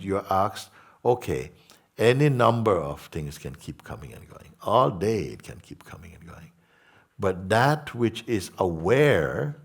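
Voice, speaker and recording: A man giving a spiritual satsang talk to an audience, gentle and unhurried, repeating simple phrases and asking his listeners questions. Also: low voice, creaky, slightly rough. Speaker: spiritual teacher.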